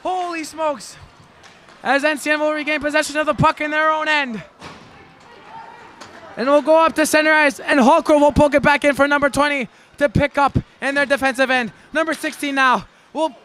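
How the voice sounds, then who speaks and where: A man calling a live hockey game play-by-play, excitable and folksy, shouting during rushes and a bit out of breath. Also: very high-pitched, slight background noise. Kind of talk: live sports commentary.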